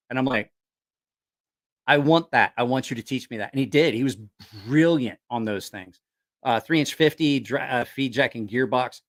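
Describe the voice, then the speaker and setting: A man's voice: mid-range voice, fairly quick. A man hosting a livestream, telling rambling, profane stories with a laugh, a little tipsy after a few drinks. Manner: lively, profane, laughing storyteller. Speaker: livestream host. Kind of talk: casual storytelling livestream.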